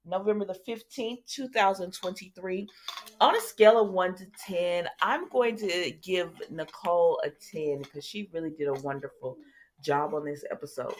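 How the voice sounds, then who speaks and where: Female host, casual soap recap, chatty and lively, speaks directly to viewers. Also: lowish voice. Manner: chatty, lively, talks straight to viewers with asides.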